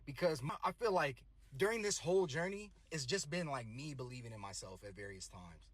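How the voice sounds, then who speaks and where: Man in his thirties, husky, dry close sound, earnest reflective storytelling. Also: mid-range voice, lively intonation, fairly quick, dry recording. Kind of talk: personal motivational story.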